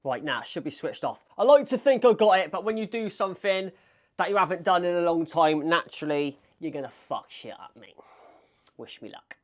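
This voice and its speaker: A man with a strong Bristolian accent talks loosely and casually to his viewers while cooking in his flat, calling them mate and swearing freely. His voice sits a little high for a man. He is picked up on a small clip-on mic. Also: a little fast. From England. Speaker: vlogger. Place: home kitchen in a flat. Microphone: small wireless clip mic.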